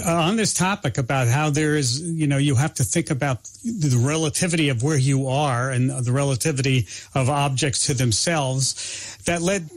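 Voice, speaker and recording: A man interviewing a guest, asking measured questions. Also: a little high, no echo.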